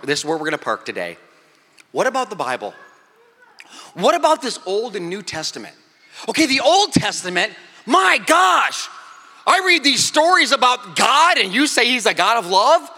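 A middle-aged male pastor preaching a sermon, animated and joking, acting out little scenes as he goes. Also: high-pitched. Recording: echoey hall with long reverb.

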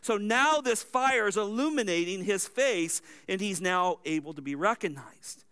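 A man's voice: high-pitched, animated, moderate pace, pushed and bright, clear, resonant tone. A man preaching a verse-by-verse sermon, explaining the text in a teaching manner with asides.

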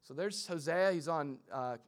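A young man preaching a sermon in a casual, humorous way, acting out quick voices as he goes. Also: fairly high pitch. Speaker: pastor.

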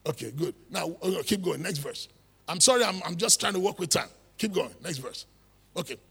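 A man's voice: sits high, expressive, brisk, gravelly, a bit bright, slightly rough, in a large hall. A man preaching a sermon, emphatic, repeating phrases and building into exhortation.

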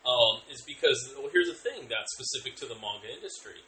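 A man co-hosting a podcast in casual chat, quick to laugh and act out quotes. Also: mid-range voice, lively intonation, pushed and bright, low-quality recording. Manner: chatty, laughs easily, quotes people in voices. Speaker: podcast co-host.

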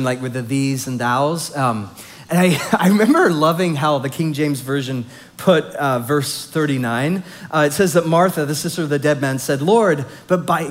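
Male pastor, slightly high voice, casual animated sermon delivery. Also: slight background noise. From Southern California. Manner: conversational, animated storytelling with fillers.

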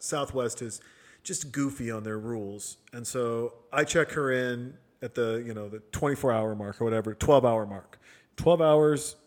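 A middle-aged man hosting a casual chat, telling stories in an animated way and acting out other people's voices. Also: medium pitch. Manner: animated, acts out voices in anecdotes. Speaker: podcast host.

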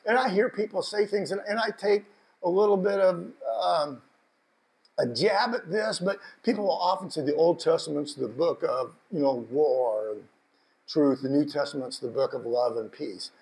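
Impassioned high-voiced male preacher. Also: moderate pace, rough recording. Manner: passionate, building from hushed to shouting. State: emotional. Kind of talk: sermon.

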